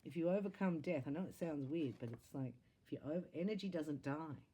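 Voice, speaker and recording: A woman giving a spiritual reading to camera, chatty and animated, with laughs and sudden exclamations. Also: low-pitched, a little fast, husky. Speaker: psychic tarot reader.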